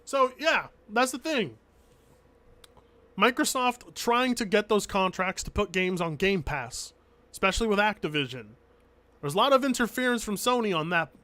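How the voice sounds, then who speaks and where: A man's voice: sits high, lively intonation, moderate pace, sharp tone. A man streaming, reacting to a video with casual, argumentative commentary; he swears freely and keeps repeating his points for emphasis.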